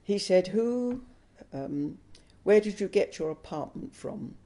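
An older woman telling a personal story in an interview, unhurried and chuckling as she recalls events. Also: medium pitch, animated, mellow.

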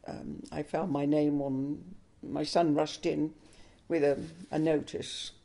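An older woman telling a personal story in an interview, unhurried and chuckling as she recalls events. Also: low voice, fairly even intonation, vocal fry, warm tone.

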